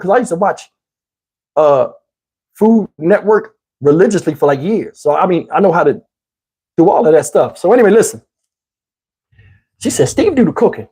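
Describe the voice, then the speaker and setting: A man telling a story in a casual, animated way, swearing freely and acting out what people said. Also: sits high, husky. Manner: animated, profane, acts out quotes. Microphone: wireless lapel mic.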